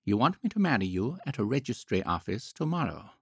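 A man reading the part of a proud, playfully teasing woman in an audiobook, speaking in an arch, gently mocking way. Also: medium pitch, sing-song, brisk, slightly rough, no echo, studio quality, exaggerated voice.

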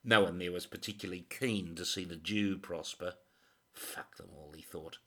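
A man reading a crime novel as scripted audiobook narration, measured and dramatic. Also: low voice, steady tone, pushed and bright.

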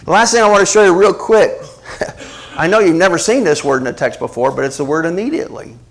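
A middle-aged male preacher delivering a sermon, swinging between hushed asides and emphatic rhetorical questions. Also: sits high, animated, a little fast, gravelly.

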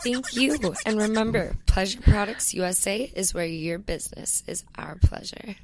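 A woman playing a cheery sales-pitch starlet. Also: expressive, normal speed, creaky. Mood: salesy. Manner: bright salesy delivery. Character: cheery female adult star pitching a product. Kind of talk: comedy ad sketch.

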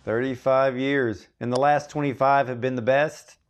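A man interviewing a guest, asking calm, attentive questions. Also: mid-range voice, normal speed.

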